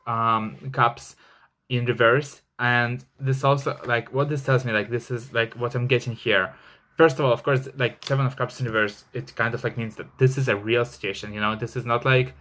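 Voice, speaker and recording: A man's voice: mid-range voice, fairly bright tone. Man, giving an emphatic tarot reading. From Russia. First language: Russian. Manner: chatty and emphatic, heavy on "like" fillers and swearing. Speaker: tarot reader. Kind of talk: casual tarot reading to camera.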